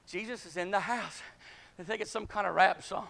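A man preaching a sermon, calling out to the congregation and climbing to shouted peaks, short of breath at times. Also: high-pitched, a little fast, creaky. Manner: call-and-response, rising to shouting peaks.

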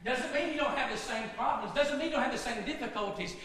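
A man preaching a sermon in a church, building to shouted fervor and calling to the congregation. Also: very high-pitched, fast talker. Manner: rising into shouted fervor, call-and-response. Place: church sanctuary. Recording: echoey hall, distant mic.

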